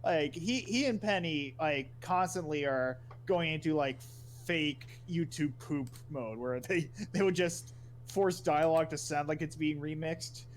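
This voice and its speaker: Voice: mid-range voice, a little slow, slight background noise. A co-host chatting casually on stream, jokey and swearing, laughing often.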